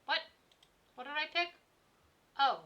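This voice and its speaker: A woman's voice: high voice, animated, unhurried, dull audio, voice pushed up. A woman voicing a grumpy, dismissive short male merchant while reading game dialogue aloud. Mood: surly. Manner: gruff, dismissive.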